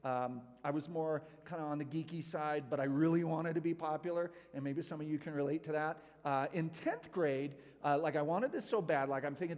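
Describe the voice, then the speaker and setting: A man's voice: a little high, fairly quick, few pauses, darkish tone. A man from California giving a youth group talk, telling a personal story in a chatty way with lots of "like". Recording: hall reverb.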